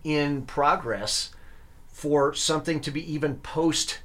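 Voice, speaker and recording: A young man, an electric violinist and grad student, appears as a guest in a casual interview, earnest and enthusiastic. He speaks slowly in a fairly high, fairly bright voice, often using fillers and restarting his sentences.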